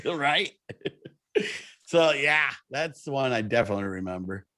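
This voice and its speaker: A man telling a story in casual chat, animated and laughing as he acts out the people in it. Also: mid-range voice, measured pace, no echo. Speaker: comedian guest.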